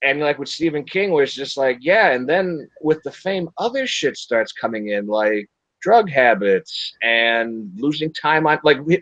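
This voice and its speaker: A man's voice: mid-range voice, moderate pace, dry recording. Blunt, profane man on a lo-fi stream. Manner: blunt, profane, animated, acts out quotes. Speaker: podcast host reviewing a film. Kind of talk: casual livestream discussion. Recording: dry, dull lo-fi livestream audio.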